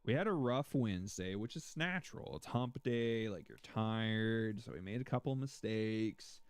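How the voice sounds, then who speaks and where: A man's voice: on the low side, expressive, moderate pace, smooth, no room sound. A man streaming a game, joking and rambling and slipping into silly voices. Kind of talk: casual gaming livestream.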